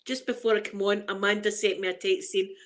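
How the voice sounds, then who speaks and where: A woman's voice: mid-range voice, fairly even intonation, brisk. A middle-aged Scottish woman hosting a casual live chat, emotional and fighting back tears as she greets viewers by name. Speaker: livestream host.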